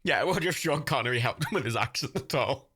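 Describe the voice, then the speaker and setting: A man's voice: medium pitch, expressive, fast talker, sharp tone, slightly rough. A man hosting a livestream watch party, giving casual, chatty commentary over a film, swearing freely and breaking into laughter. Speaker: livestream host.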